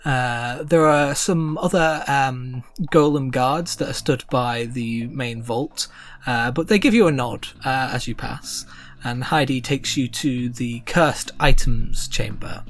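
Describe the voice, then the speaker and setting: A woman's voice: very deep voice, slow pace, faint music behind. A woman narrating a tabletop game as game master, hesitant and full of fillers.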